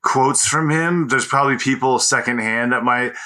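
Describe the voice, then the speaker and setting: A man's voice: mid-range voice, over a noisy crowd. A man co-hosting a comedy podcast in easygoing casual chat, restarting phrases and riffing on silly ideas. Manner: easygoing, halting restarts, goofy riffs.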